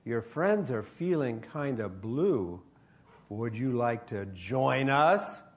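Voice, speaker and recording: A man voicing a sly girl who speaks with slow, sugary menace, in a lower voice than usual. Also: expressive. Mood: sinister sweet. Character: sly girl, sweetly sinister.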